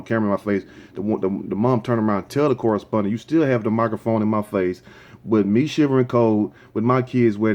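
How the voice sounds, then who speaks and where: Low, dark-voiced man ranting casually. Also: dull audio. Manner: rambling, conversational, opinionated. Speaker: show host. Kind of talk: casual commentary.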